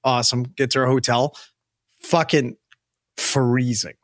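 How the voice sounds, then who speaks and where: A man's voice: medium pitch, little pitch movement, a little slow, a bit bright, no echo. A young man from Western Canada, co-hosting a podcast and telling a rambling, sweary story in a casual chat, on a close mic. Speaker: podcast co-host.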